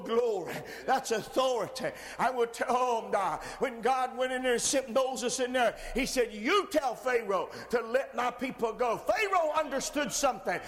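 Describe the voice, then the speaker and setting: Man, preacher, very high voice, sermon, swings from hushed to shouting, long reverb. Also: normal speed, few pauses. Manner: rises from quiet teaching to shouted preaching.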